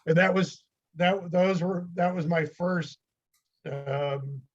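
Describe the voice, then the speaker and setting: A man's voice: high-pitched, fairly even intonation, slow pace, lo-fi sound. An older man from the United States, a podcast guest, telling rambling anecdotes with chuckles in a casual interview.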